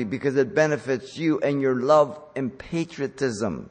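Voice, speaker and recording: A man's voice: mid-range voice, expressive, measured pace, hardly any pauses. A man preaching an expository sermon, stressing key words with emphasis as he works through a passage verse by verse. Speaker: pastor. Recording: long reverb from a large hall.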